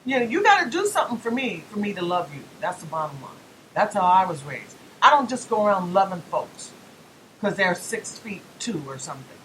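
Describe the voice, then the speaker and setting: A woman's voice: mid-range voice, sing-song, brisk, fairly bright tone, slight background noise, poor audio. A woman hosting a political talk radio show, speaking emphatically with rhetorical questions and folksy asides.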